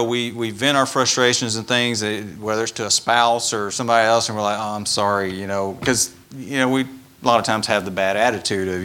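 A man preaching a sermon in a conversational, animated way, acting out quoted asides. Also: medium pitch. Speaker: pastor.

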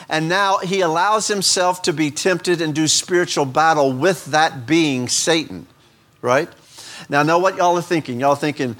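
A man's voice: on the high side, normal speed, a bit bright. A middle-aged man preaching a sermon, rambling through self-deprecating asides between scripture readings. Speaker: pastor.

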